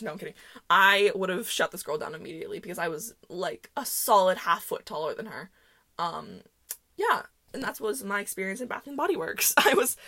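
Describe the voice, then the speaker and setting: A woman's voice: mid-range voice, fairly bright tone. A young woman hosting a podcast, telling a story in a rambling, chatty way full of fillers. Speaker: podcast host. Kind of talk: casual storytelling monologue.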